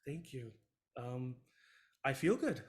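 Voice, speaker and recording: A man's voice: medium pitch, lively intonation, takes it slowly. A man voicing a returned grown child in a tabletop game, speaking in a subdued, hesitant, apologetic way.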